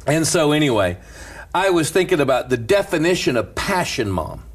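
Background noise accompanies a middle-aged man's voice that sits on the high side, at normal speed. He's a preacher and talk show guest, animatedly telling a story in casual chat, quoting its people and laughing often.

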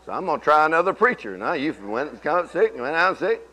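Preacher guy in church, bright ringing voice, goes from mumbly storytelling to shouting. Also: very animated, a little fast. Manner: folksy storytelling preacher, swings from low murmur to shouting. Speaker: pastor. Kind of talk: sermon.

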